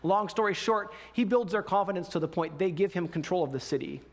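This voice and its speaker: A male pastor preaching in a relaxed, conversational way, telling stories with casual slang. His voice sits a little higher than most men's. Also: a little fast. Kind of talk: sermon.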